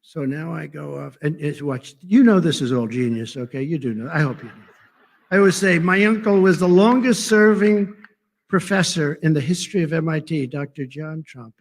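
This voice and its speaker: A man's voice: a little high, expressive, normal speed. A man giving a rambling, off-the-cuff political speech at a conference, full of sarcasm and digressions.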